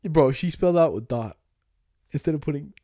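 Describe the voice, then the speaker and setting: A man's voice: on the high side, fairly quick, no room sound, clean studio sound. Profane young man retelling a story. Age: 20s. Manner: animated, profane, retelling chats with quoted lines. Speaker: podcast co-host. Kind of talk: casual storytelling chat.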